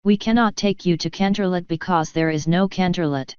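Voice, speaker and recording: A woman voicing a calm male sergeant pony, formal, crisp, dry. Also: lowish voice, a little fast, no echo, dull audio, lightly acted. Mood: solemn.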